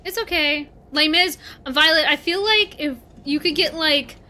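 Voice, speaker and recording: A Canadian woman with a high, bright, forceful voice streams a game and chats casually with her viewers, answering their messages at an unhurried pace.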